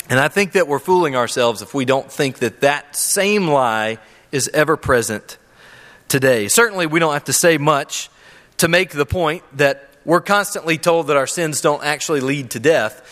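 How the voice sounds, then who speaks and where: A man's voice: on the high side, lively intonation, moderate pace, a bit bright. A man preaching a sermon to a congregation in a church, earnest and emphatic, asking rhetorical questions. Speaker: pastor. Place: church sanctuary with a live audience. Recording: long hall reverb.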